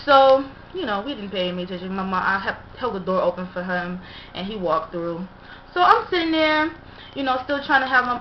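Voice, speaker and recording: Chatty young woman telling a story. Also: a little high. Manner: chatty, lots of fillers. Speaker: vlogger. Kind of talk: casual storytelling to camera. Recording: dull echoey room recording with faint hiss.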